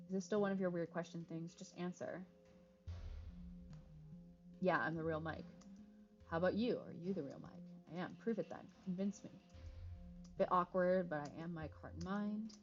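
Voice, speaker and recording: Over faint music in slightly dull lo-fi stream audio, a woman talks a little fast in a low voice. While gaming, she reads dialogue choices aloud, swears often, and adds jokey asides.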